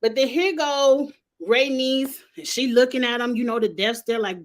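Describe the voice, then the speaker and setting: A woman's voice: fairly high pitch, normal speed. A woman giving a casual, sassy TV review, talking bluntly and straight to the characters in slangy speech. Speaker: TV show reviewer. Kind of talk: casual commentary.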